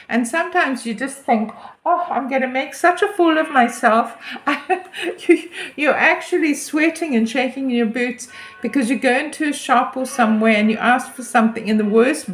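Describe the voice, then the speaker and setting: A woman's voice: a little high, fairly bright tone. Chatty woman in her fifties, echoey room. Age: 50s. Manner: chatty, emphatic, self-deprecating. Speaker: relocation consultant. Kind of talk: casual advice to camera.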